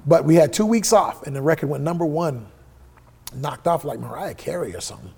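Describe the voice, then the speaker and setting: A middle-aged musician, guest in a casual interview, tells stories while swearing freely and acting out the dialogue he quotes. His voice is a little high, a little fast, creaky and husky.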